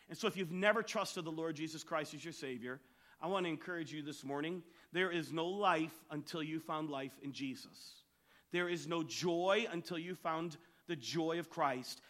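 A man's voice: on the high side, a bit bright. A male pastor giving a sermon to his church in an emphatic storytelling style.

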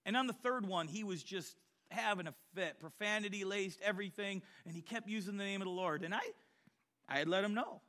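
A middle-aged man preaching a sermon, telling personal stories and swinging from quiet storytelling to loud exhortation. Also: high voice, brisk. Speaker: pastor.

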